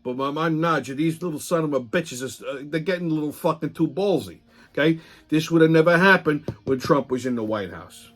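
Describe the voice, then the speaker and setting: A man with a somewhat high voice rants through his weekly commentary. He curses constantly, turns sarcastic, and keeps restarting his sentences as he goes. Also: animated, a little fast, a bit bright. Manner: profane, heated, sarcastic, rambling with restarts. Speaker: host of a weekly political commentary show. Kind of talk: casual ranting commentary.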